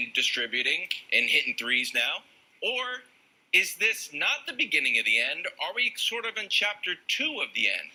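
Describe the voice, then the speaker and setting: A male sports talk show host leading a lively debate, playful and teasing with his co-hosts. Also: on the high side, slightly rough, rough recording. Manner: playful, laughs and teases co-hosts.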